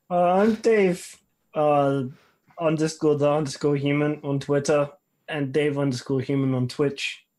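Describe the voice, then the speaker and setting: A man's voice: fairly high pitch, steady tone, slow pace, pauses often, a little mellow. A man, a player in the game, talking casually in a dazed, hesitant way. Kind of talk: casual chat.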